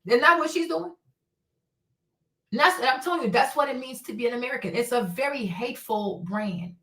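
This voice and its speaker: A woman's voice: high-pitched, a little fast, a bit bright, reverberant. A woman from Africa hosting a stream, ranting in a blunt, heated, profane way and repeating her points. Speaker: host. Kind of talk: livestream commentary rant.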